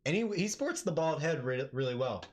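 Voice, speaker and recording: Streaming an MMA fight, a man commentates live in a fairly high, fairly quick voice. He keeps his tone casual but shouts excitedly at the key moments.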